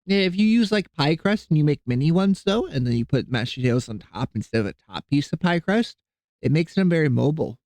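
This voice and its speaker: A man's voice: fairly high pitch, expressive, brisk, dry recording. A man streaming live, rambling casually to his viewers about cooking, with frequent fillers and restarts. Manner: rambling, easygoing, chatting with viewers while cooking; softens and coos when talking to his cats.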